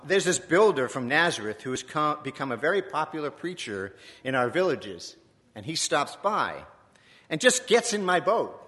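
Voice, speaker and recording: A man's voice: fairly high pitch, sharp tone. A man voicing a weary, skeptical fisherman who tells his own story in plain, wry words, with incredulous questions. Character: weary skeptical male fisherman, middle-aged, blunt. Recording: long echoing church reverb.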